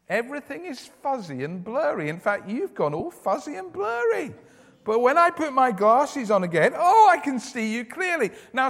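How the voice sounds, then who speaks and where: A man giving a lively children's talk in church, asking the children questions as he goes. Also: very high voice. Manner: animated, asks children questions. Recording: echoey church hall.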